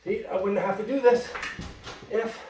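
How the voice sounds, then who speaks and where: High-voiced man in his fifties, joking tutorial. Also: steady tone, normal speed. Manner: talks to himself and viewers while working, joking. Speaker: drywall installer. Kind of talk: chatty work-along tutorial. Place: bare room under construction. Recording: echoey room, far from the mic, loud work noise.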